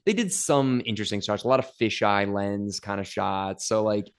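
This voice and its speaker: A young adult man co-hosting a podcast, reviewing a film in relaxed, rambling chat with lots of filler words. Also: fairly low pitch, moderate pace, clean tone. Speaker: podcast co-host.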